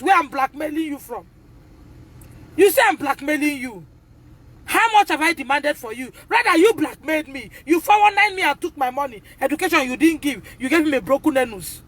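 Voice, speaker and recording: A woman's voice: sits high, lively intonation, moderate pace, fairly bright tone. A Nigerian-accented woman, a pupil's mother, speaking in an emphatic, indignant way and repeating her points as she addresses the school directly. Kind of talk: impassioned live video appeal.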